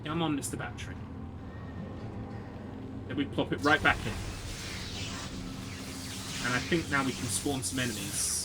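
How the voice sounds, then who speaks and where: A man's voice: medium pitch, a little slow, long pauses, heavy background noise. A man, giving casual commentary while streaming a game and chatting with viewers in a wry, sweary way.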